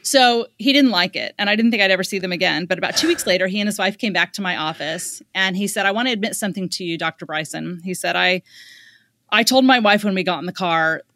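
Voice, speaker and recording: A woman guest on a podcast telling a story about a client in a lively, conversational way, acting out the quotes as she goes. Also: mid-range voice, fast talker, no room sound. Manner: animated, quotes others in lively asides. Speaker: guest parenting expert.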